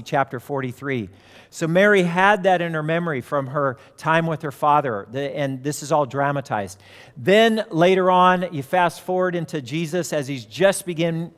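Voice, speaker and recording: Preaching in a slightly high voice, a pastor tells stories throughout his sermon and performs the voices of the characters. A long reverb tail follows his words.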